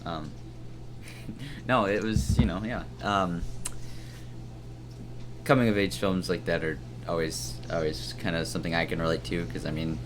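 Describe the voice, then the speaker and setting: Deep-voiced young man rambling jokingly. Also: steady tone, measured pace, pauses often, noisy background. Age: young adult. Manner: rambling, jokey, self-correcting. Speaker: podcast co-host. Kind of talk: casual comedic film chat.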